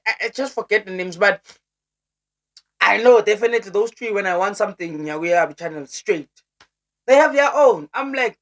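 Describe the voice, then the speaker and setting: A young woman with a South African accent chatting casually to her viewers as a vlogger, animated and urging, her voice leaping up high. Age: young adult. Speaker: YouTuber. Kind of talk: casual vlog chat to viewers.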